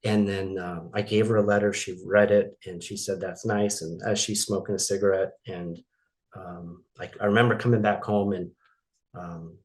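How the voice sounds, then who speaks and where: A middle-aged man from Maine telling a painful personal story as an interview guest, halting and emotional, with many restarts. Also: low voice, fairly even intonation, darkish tone.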